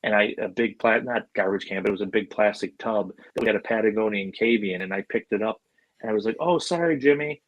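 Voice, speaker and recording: A middle-aged man from Buffalo spinning stories as a podcast guest. His voice sits fairly low and sounds dry and close, with almost no room sound. He rambles in a loose, chatty way, with plenty of fillers and casual swearing. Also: level tone, fast, no echo, lo-fi sound. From Buffalo, New York, USA. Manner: loose and chatty, full of "like" and "you know", swears freely. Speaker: podcast guest, animal handler. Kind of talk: casual storytelling.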